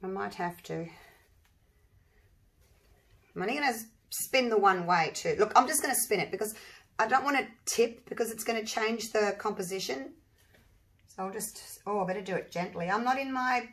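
A woman with a husky voice from allergies, chatting her way through an acrylic paint pour, thinking aloud and breaking into excited exclamations. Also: a little high, moderate pace, pauses often. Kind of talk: casual demonstration while working.

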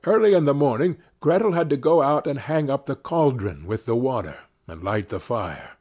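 A man narrating a fairy tale slowly and expressively for a children's audiobook. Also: medium pitch, slightly rough. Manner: slow, expressive storytelling.

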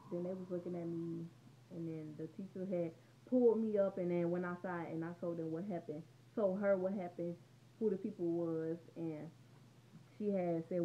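A woman's voice: lowish voice, dark tone, a little hiss or hum. A teenage girl rambling through a casual storytime vlog at home, chatty and conversational. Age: teens. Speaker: vlogger. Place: room at home. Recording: dull lo-fi home recording.

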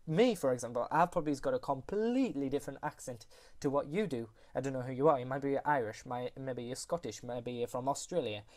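In a casual screen-recorded tutorial about computers, a host rambles along, regularly apologizing and fixing their own mistakes, using a USB computer microphone. Their voice has a medium pitch and a darkish tone.

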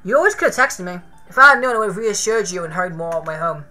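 A woman reading the lines of a kind, reassuring young man in a game, in a gentle, apologetic way. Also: lowish voice, lively intonation, racing, faint music behind.

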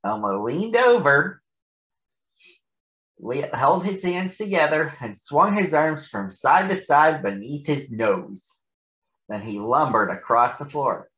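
A man reading a picture book aloud to children in a large arena, slow and deliberate, with lively voices. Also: on the high side. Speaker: storybook reader. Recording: muffled, in a large echoey space.

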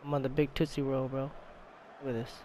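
A young man streaming a party game, hyped and yelling at the screen, trash-talking his friends. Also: mid-range voice, level tone, a little fast, a little hiss or hum. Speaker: gaming streamer. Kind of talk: excited gameplay commentary.

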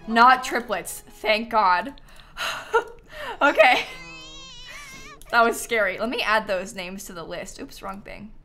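A young woman chatting casually to her viewers while playing a game live, animated and talking back to the game. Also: mid-range voice, normal speed, few pauses, soft background music. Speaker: streamer. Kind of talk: casual live-stream gameplay chat. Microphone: headset.

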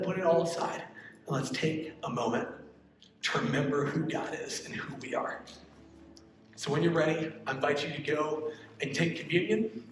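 A man leading a youth service as pastor, speaking gently and slowing down to read scripture. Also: a little high, a little hiss or hum. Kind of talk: youth sermon. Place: large church hall. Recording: echoey hall, distant mic.

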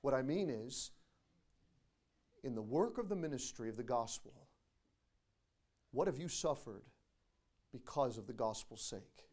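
A man preaching a sermon as pastor of a church, quoting scripture and building to loud, emphatic peaks. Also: mid-range voice, lively intonation, unhurried, long pauses. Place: church sanctuary.

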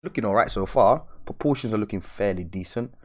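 A man's voice: fairly low pitch, expressive, brisk. A young man hosting a live drawing stream, chatting casually and slangily to his viewers and laughing often. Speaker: art channel host.

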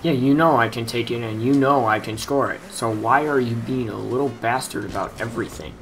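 A man's voice: mid-range voice, fairly quick, a little hiss or hum, poor audio. A young man commenting on his own gameplay, frustrated, muttering and swearing at his opponents. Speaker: gaming youtuber.

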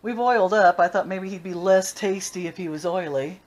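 A woman's voice: on the low side, moderate pace, darkish tone. An older woman giving a casual home video tour of her pets, chatting and baby-talking to them as she walks from her house out to the backyard. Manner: chatty, coos and baby-talks to her animals. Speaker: vlogger showing her pets. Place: house, then backyard with chickens.

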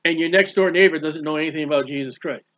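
A man's voice: fairly high pitch, quick pace, fairly bright tone, dull audio. A man giving a conversational Bible teaching, plain-spoken, repeating phrases and firing rhetorical questions. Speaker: preacher.

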